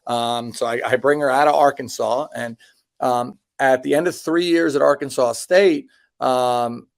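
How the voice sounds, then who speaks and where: A man's voice: medium pitch, unhurried, creaky, no echo. A man in his thirties talks through his career in a loose, rambling way, full of ums and restarts. Dry little jokes at his own expense slip in. The sound is close and dry, with no room around it. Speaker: basketball coach, guest. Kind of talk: casual interview answers.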